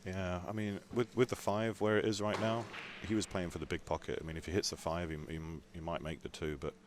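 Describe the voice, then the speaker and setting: A man's voice: low-pitched, level tone, brisk, noisy background. A man commentating live on a pool match, chatty and analytical with easy jokes. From Scotland.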